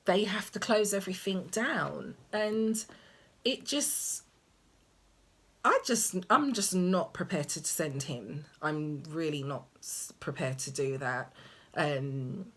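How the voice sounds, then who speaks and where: A woman's voice: sits low, expressive, takes it slowly, husky. A young woman vlogging casually about parenting, rambling and hesitant with many ums and restarts. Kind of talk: casual chat to camera.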